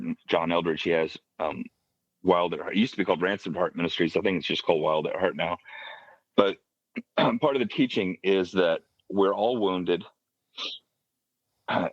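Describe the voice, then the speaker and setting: A man on a podcast telling a personal faith story in a halting, reflective way, often restarting his sentences. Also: deep voice, no room sound, dull audio. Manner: halting, reflective, with many restarts and soft asides. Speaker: podcast guest.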